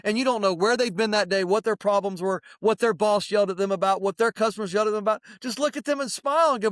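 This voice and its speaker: Podcast co-host, male, higher-pitched, blunt and animated, dry close recording. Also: quick pace, hardly any pauses, no echo. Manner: animated, preachy advice-giving; plain-spoken, mild swearing. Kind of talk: casual chat.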